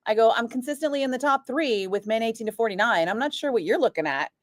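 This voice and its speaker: A woman radio DJ chatting casually, telling an animated story and acting out what others said, with lots of "like" fillers. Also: a little high, fast talker, no room sound. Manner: animated, acts out quoted voices, frequent "like". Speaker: radio DJ chatting with a live stream. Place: radio studio. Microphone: studio microphone.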